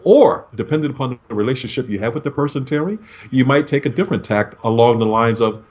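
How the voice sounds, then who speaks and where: A man being interviewed as a negotiation expert over a video call, explaining in a measured way and acting out sample phone greetings. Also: mid-range voice, darkish tone.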